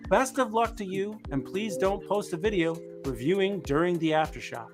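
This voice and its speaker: A man co-hosting a casual automotive talk show, reading funny reviews aloud in a deadpan way. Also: high-pitched, moderate pace, over music. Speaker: podcast co-host.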